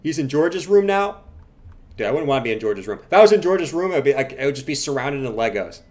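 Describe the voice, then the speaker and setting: A man hosting a casual livestream who banters playfully with his chat, then talks through chart analysis, with sudden loud chanting bursts. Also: mid-range voice, sing-song, fast talker. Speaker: livestream host.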